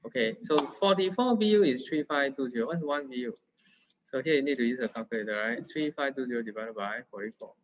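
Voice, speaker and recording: A man's voice: medium pitch, expressive, quick pace, slight background noise. A man with a Singaporean English accent, tutoring math in a casual, playful, teasing way. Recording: dull lo-fi sound.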